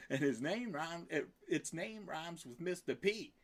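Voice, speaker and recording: A man runs a casual, meandering livestream, laughing between lines and swearing freely. When he quotes someone's exclamation, his voice leaps up into a high squeak.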